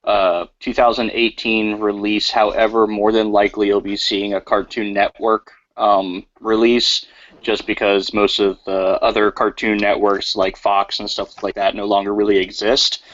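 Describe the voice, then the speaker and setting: A man's voice: lowish voice, moderate pace. A joking man chatting casually with friends in an online group call. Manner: joking, lively. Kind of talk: casual group video chat. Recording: dull lo-fi video call audio.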